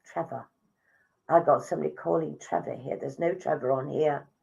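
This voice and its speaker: A woman's voice: low-pitched, fairly even intonation, normal speed, vocal fry, a little mellow, muffled recording. A woman giving live psychic readings to viewers online, chatty and affectionate, relaying messages she says come from spirits.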